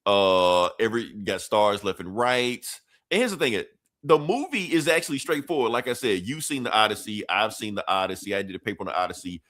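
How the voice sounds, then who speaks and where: Brief: male podcast co-host, animated and profane, lots of pitch movement, laughs often. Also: a little fast. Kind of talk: casual podcast chat.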